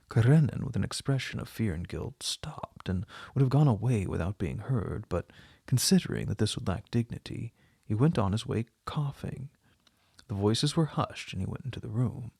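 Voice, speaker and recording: A male audiobook narrator reading a classic novel in a measured, even way. His voice has a gravelly, husky texture, and the recording is dry and close with no room sound. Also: fairly low pitch, no room sound. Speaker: audiobook reader.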